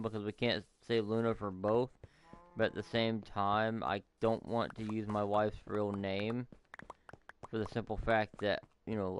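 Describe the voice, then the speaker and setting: A man's voice: on the low side, smooth. A man giving casual, rambling let's-play commentary as a gaming YouTuber, amused by his own asides.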